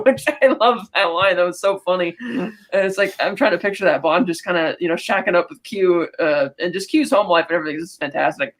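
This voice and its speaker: A woman co-hosting a podcast, casually recapping a film and quoting characters in quick asides. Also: on the low side. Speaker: podcast co-host.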